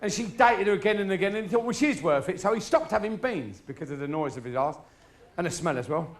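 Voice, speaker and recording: A man's voice: high-pitched, fast talker. A middle-aged man telling crude stories in a stand-up routine, swearing freely. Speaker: stand-up comedian. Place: live show before an audience.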